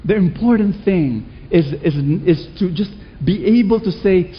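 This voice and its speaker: A man preaching a sermon to a congregation, animated, with rhetorical questions and sudden shouts. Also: sits high, moderate pace, few pauses. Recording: dull lo-fi recording.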